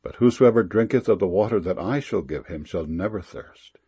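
A man giving a solemn, measured scripture reading with a gravelly, husky voice. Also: sits low, animated, warm tone, dull audio. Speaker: scripture reader.

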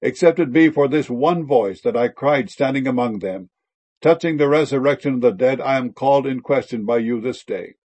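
A man reading King James scripture aloud in a solemn, measured way. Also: mid-range voice, a little mellow.

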